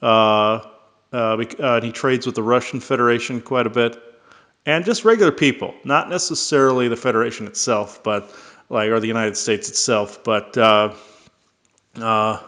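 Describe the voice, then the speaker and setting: A man's voice: medium pitch, steady tone, normal speed, a bit bright. A man casually introducing a channeling session, talking hesitantly with many fillers and restarts.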